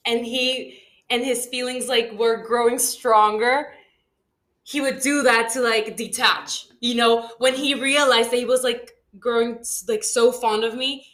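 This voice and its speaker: Young woman cohost, slightly high voice, candid chatty tone. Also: steady tone, measured pace, fairly bright tone. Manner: reacts with short exclamations, candid. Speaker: podcast co-host. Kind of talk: casual chat.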